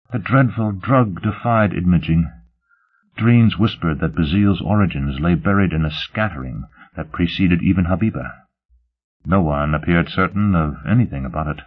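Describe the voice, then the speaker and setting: Low-voiced man narrating a story. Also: normal speed. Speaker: audiobook narrator. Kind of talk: scripted narration. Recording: tinny phone-like sound.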